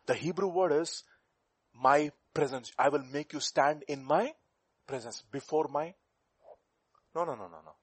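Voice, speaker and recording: A man preaching a sermon, swinging between loud bursts and hushed asides. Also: fairly high pitch, measured pace, pauses often, husky, no room sound.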